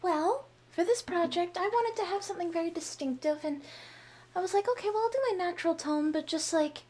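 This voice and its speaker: Co-host, woman, very high pitch, giggly and self-deprecating in casual chat. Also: a little fast, darkish tone. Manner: laughs often, self-mocking.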